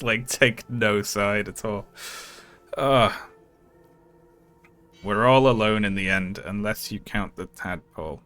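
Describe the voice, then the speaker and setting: A man commentates on a live game stream, casual and sarcastic, laughing often. His voice sits somewhat low with a bright, forceful edge. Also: steady tone, slow, pauses often, soft background music.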